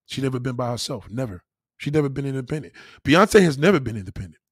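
Brief: profane New man hosting a podcast, a lively up-and-down voice, dry close mic. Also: medium pitch, fast talker, slightly rough, no echo. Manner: animated, profane, laughing asides. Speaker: podcast host. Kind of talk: crude comedic rant.

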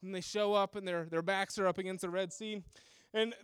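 Guy preaching, tells the bible story all animated, kinda high voice, dry close sound. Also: fairly quick, clean tone, no echo. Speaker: pastor. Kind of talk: sermon.

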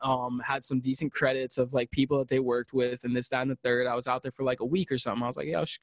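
A man's voice: medium pitch, monotone, fast talker, dry recording, clean studio sound. A man talking as a podcast guest about audio engineering, in casual chat that rambles with many fillers and restarts and turns emphatic.

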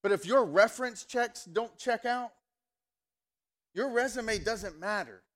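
Animated man preaching a casual sermon. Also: high-pitched, a little slow. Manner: conversational, animated storytelling with many asides; fired-up, emphatic when worked up. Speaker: pastor.

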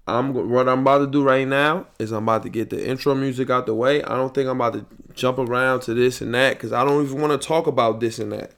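A man's voice: medium pitch, fairly even intonation, fast talker, few pauses, a bit bright, clean tone. Angry young man ranting on a podcast. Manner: angry, profane, repetitive ranting. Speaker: podcast host. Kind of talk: solo podcast rant. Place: home podcast setup, late at night. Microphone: headphones and studio mic.

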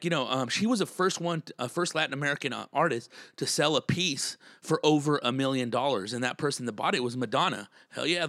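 A man's voice: medium pitch, a bit bright, dry recording, clean studio sound. A man hosting his own podcast, a comedian telling a travel story in a casual, rambling way with lots of swearing and fillers. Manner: laid-back, swears often, many fillers.

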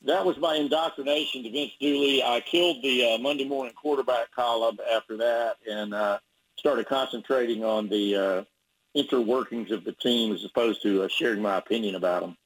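Husky-voiced man telling a long story. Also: medium pitch, fairly even intonation, brisk, rough recording. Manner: rambling, many fillers and restarts. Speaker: sports reporter guest. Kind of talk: casual radio interview.

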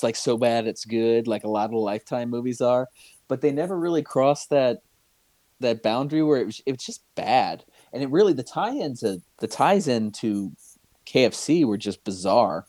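A man's voice: mid-range voice, darkish tone, no room sound. Rambling man with a dry close sound. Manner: rambling, hesitant with many fillers. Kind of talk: casual chat.

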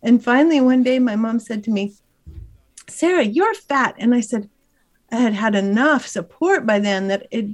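A woman guest on an interview program talks about her book and meditations in an open, storytelling way. Her voice sits fairly high, and she laughs freely between her thoughts. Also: normal speed. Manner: warm-hearted, laughs often while telling stories. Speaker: guest author and meditation teacher. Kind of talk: conversational interview.

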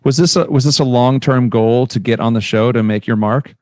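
A man hosts the interview with short, friendly questions and prompts. His voice is recorded dry and close, with little room sound. His pitch sits in the middle for a man. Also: brisk, a little mellow, dry recording. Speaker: podcast host.

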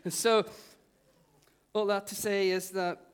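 A middle-aged man preaches in a chatty, animated way. His voice sits fairly high for a man. He keeps asking the congregation questions and drawing them in. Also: slow, clean tone. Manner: animated, conversational, asks the crowd questions. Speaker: pastor. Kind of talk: sermon.

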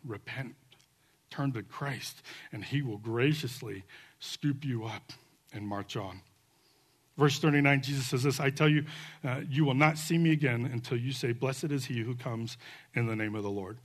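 A male pastor preaching at a church service, swinging from soft pleading to loud fervent calls and leading an altar call and prayer. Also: mid-range voice, steady tone, moderate pace.

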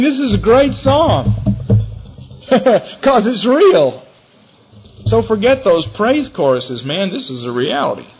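Husky preaching man on a dull recording. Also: a little high. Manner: animated preaching, reading scripture with rising intensity. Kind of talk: sermon.

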